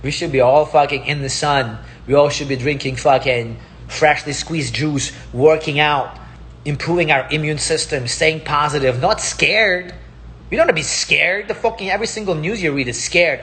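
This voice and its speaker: A man's voice: fairly high pitch, moderate pace, fairly bright tone. Heated profane man ranting. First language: Russian. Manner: heated, profane, repeats himself. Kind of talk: ranting casual monologue. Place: Palm Springs.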